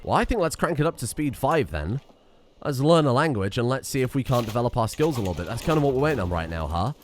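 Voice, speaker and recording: A man's voice: medium pitch, lively intonation, fast talker, faint music behind. A man giving casual commentary while playing a strategy game, thinking aloud and adding wry asides. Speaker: let's play streamer.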